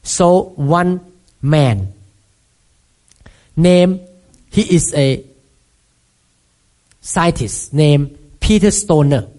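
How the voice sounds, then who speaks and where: A woman's voice: low voice, animated, very slow, pauses often, mellow. A middle-aged woman from Thailand with a Thai accent, preaching a sermon emphatically and asking the congregation frequent questions. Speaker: pastor.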